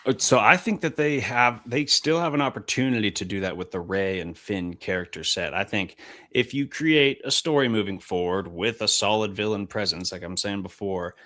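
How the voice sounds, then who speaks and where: Low bright-toned man giving opinions. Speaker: podcast co-host. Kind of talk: casual chat.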